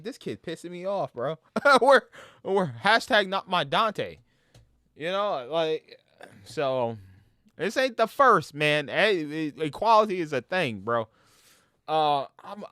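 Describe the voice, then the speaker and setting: A man's voice: on the high side, no echo, clean studio sound. A man ranting casually as a gaming streamer, swearing and tripping over his words. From New York. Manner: animated, profane, stumbles over words.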